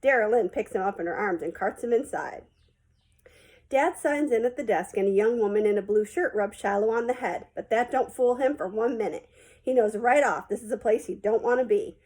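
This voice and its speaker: A woman's voice: a little high, fairly quick, darkish tone, poor audio. A woman reading a children's novel aloud, narrating in a plain, folksy first-person way. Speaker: audiobook reader.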